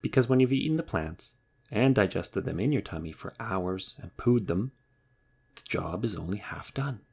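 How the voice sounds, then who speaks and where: A man voicing a polite, gentle female bear who speaks hesitantly, in a storybook reading. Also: lowish voice, animated, moderate pace, vocal fry, slightly rough, full character voice. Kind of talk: storybook character voice.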